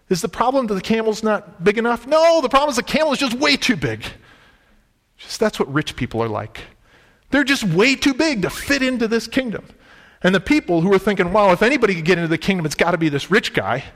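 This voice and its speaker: A man's voice: high voice, a bit bright. A man preaching a sermon, retelling scripture in casual everyday words, with an emphatic, conversational delivery. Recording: reverberant hall.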